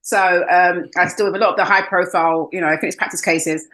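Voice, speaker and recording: A woman's voice: on the low side, fairly even intonation, fast talker, fairly bright tone. A woman with a British accent hosting a podcast in a casual interview chat, laughing easily and mimicking the people in her stories. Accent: British English. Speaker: podcast host.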